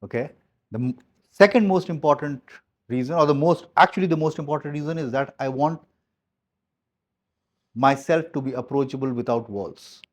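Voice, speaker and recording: A business coach, his voice a little high, gives his team a motivational talk at a moderate pace with long pauses. He's emphatic and blunt, repeating key phrases and swearing mildly now and then.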